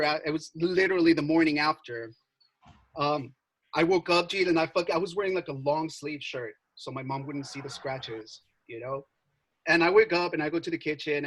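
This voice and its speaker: A young man telling a story in casual chat, animated, swearing and full of filler words. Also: a little high, rough recording. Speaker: podcast co-host.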